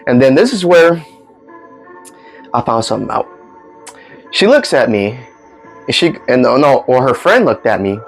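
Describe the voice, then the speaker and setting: Animated rambling man telling stories. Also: medium pitch, moderate pace, gravelly, pauses often, faint music behind. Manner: rambling, animated, acts out dialogue. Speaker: storytime vlogger. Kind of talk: casual storytelling.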